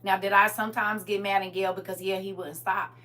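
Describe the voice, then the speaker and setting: Forceful woman shouting an impassioned testimony. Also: little pitch movement, fairly quick, recorded from a distance. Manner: swings between shouting and low intense talk; repetitive, emphatic delivery.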